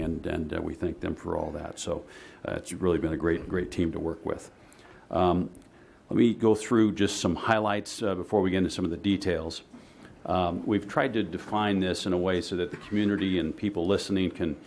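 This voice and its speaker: A man giving a measured, explanatory presentation to a city commission in a meeting chamber, often pausing on "uh". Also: low voice, gravelly, darkish tone, slight background noise. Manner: measured and explanatory, with frequent "uh" fillers.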